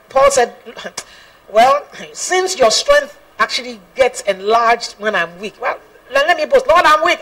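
A woman's voice: medium pitch, fairly bright tone. Woman singer speaking from a distance. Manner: earnest, laughs often, quotes scripture. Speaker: gospel singer. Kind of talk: personal testimony talk.

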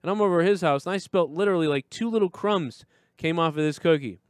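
A man's voice: fairly high pitch, quick pace, smooth, no echo, clean studio sound. A man hosting a live show, telling profane, rambling stories in casual chat.

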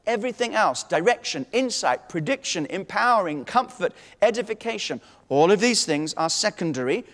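A man's voice: sits high, animated, moderate pace, fairly bright tone, long reverb tail. A man preaching a sermon, teaching with emphatic authority and quoting scripture.

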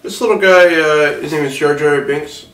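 A man's voice: fairly high pitch, normal speed, fairly bright tone, echoey room, far from the mic, lightly acted, low-quality recording. A man playing a rambling, self-important older film mogul in a satirical mock interview, distracted and defensive.

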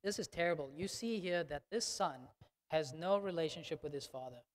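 Speaking at a moderate pace in a somewhat high voice, a male pastor delivers an emphatic, conversational sermon. He checks in with the congregation again and again with "okay?", and the church sanctuary adds long reverb.

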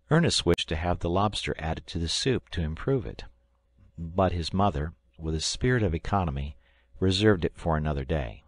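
Man, audiobook narrator, very low voice, measured storytelling, dry close sound. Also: lively intonation, no echo. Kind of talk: scripted narration.

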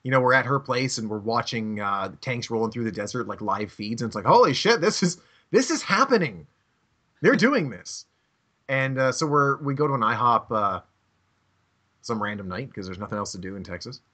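A man's voice: fairly low pitch, fairly quick, pushed and bright. A man hosting a comedy podcast, telling a rambling, profane story and laughing often. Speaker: podcast host.

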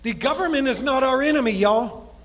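A pastor preaches in a strikingly high voice, leaning into long cadenced phrases. He sinks low and quiet on key words, then surges faster. His voice rings out with a long church reverb around it. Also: lively intonation. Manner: preaching cadence, drops low and soft for emphasis, then speeds up. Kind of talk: sermon.

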